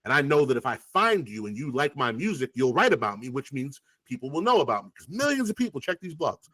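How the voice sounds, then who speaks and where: Rapper dude on an interview, swears a lot, acts out convos, voice jumps all over, dry close sound. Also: male voice, medium pitch, fast, dry recording. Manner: animated, profane, acts out past conversations. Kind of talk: casual interview storytelling.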